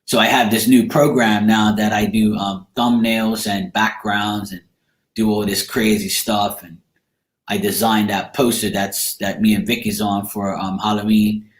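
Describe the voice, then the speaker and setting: Man, low voice, casual rambling chat, blunt and swears, roomy echoey sound. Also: flat delivery, unhurried. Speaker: tarot reader. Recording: echoey room.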